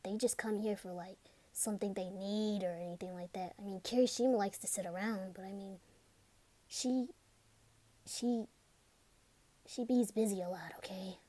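A woman in a whispered role-play, speaking softly and hesitantly, often in a whisper. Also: mid-range voice, steady tone, a little fast, no echo. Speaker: ASMR role-play performer.

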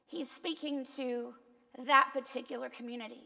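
Woman pastor, Cuban accent, chatty sermon delivery with a gravelly edge, long church reverb. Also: high-pitched, fairly even intonation, normal speed, bright, forceful tone. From Cuba. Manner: conversational, self-deprecating, asks the congregation. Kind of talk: sermon with congregation questions.

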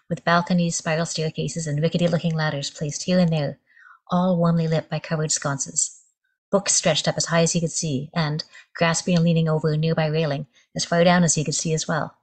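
A woman author reads her story in a measured, descriptive manner. Her voice sits very low for a woman. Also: little pitch movement. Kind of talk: reading fiction aloud.

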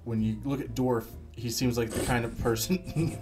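A man chatting on a podcast with a wry, mock-combative edge. His voice sits at an average pitch, with music clearly audible behind him. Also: steady tone, normal speed. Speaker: podcast co-host. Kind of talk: casual podcast chat.

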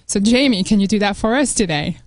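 A woman's voice: mid-range voice, animated, fairly quick, dry recording. A woman whose first language is French, co-hosting a radio show in a casual, hesitant way, with many fillers. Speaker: co-host. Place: radio studio.

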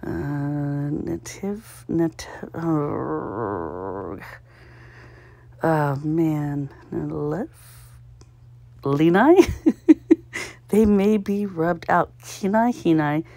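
A woman with a slightly low voice chats her way through a puzzle, thinking aloud and teasing herself. The sound is close and dry, with no room around it. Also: expressive, very slow, creaky, long pauses, mellow, no echo. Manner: self-mocking, thinks aloud, sounds out guesses, giggles. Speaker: puzzle-solving vlogger. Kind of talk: casual solo commentary while solving.

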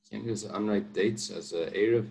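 A man whose lowish voice is creaky and darkish in tone teaches daf yomi at a moderate pace. Working line by line, he reads and translates the Aramaic Talmud, explaining patiently and tossing in light jokes.

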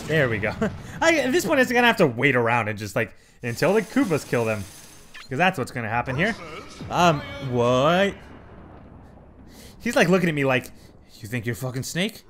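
A man giving casual gameplay commentary as a let's play host, frustrated and swearing, with sudden bursts of yelling. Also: a little high, big pitch swings, moderate pace, pauses often, faint music behind.

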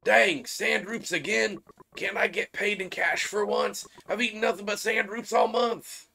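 A man's voice: on the high side, unhurried, sharp tone, slight background noise. A man voicing a friendly Southern working man with a folksy, drawling Southern US accent. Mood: good-natured.

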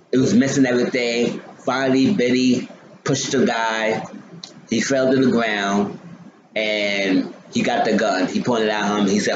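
A man's voice: lowish voice, fairly even intonation, measured pace, echoey room, dull audio, noisy background. A man casually recapping a TV episode, rambling with many ums and restarts.

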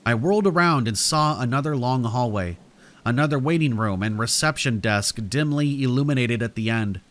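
A male narrator reading scripted horror stories meant for sleep. He keeps a steady, measured storytelling pace. His voice sits at a middle male pitch.

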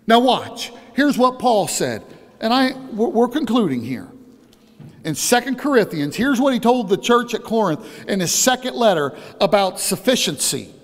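Impassioned preacher man, big reverb. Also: high voice. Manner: impassioned preaching, swings from hushed to loud. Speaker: pastor. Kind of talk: sermon.

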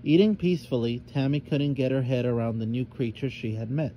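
A man's voice: medium pitch, fairly quick, dull audio, slight background noise. A man narrating a children's storybook aloud, voicing each character expressively.

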